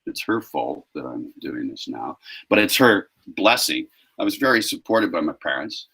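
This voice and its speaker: A man's voice: low-pitched, a bit bright, slightly rough, rough recording. A man, a street performer guest, telling stories in a casual interview and acting out confrontations with emphasis.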